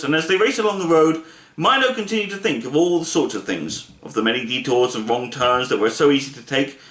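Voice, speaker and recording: Male storybook reader, playful and expressive, bright animated voice; echoey room. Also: a little high. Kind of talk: reading a children's book aloud.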